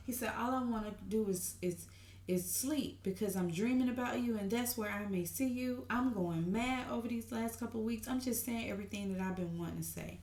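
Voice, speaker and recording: A woman's voice: fairly high pitch, normal speed. Gushing woman recapping a show, echoey. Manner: animated, gushing, calls viewers honey and y'all. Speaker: TV recap vlogger. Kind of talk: excited casual recap. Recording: roomy echo.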